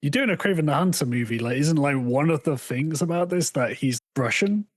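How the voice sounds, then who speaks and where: A man's voice: on the high side, animated, fairly quick, no room sound. Laughing man on a podcast. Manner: chatty, laughs often, acts out quotes. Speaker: podcast co-host. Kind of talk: casual chat.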